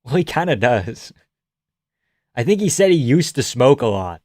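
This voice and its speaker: A man's voice: mid-range voice, very animated, normal speed, a little mellow, no echo, clean studio sound. A man casually commenting live on a fight night, swearing and laughing a lot. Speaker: live streamer. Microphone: headphones on, close mic.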